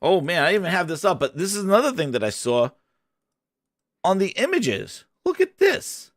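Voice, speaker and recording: Man, gaming stream host, casual rant, high voice, dry close sound. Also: fairly quick, dry recording. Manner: animated, ranting, chats with viewers. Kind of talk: casual livestream commentary.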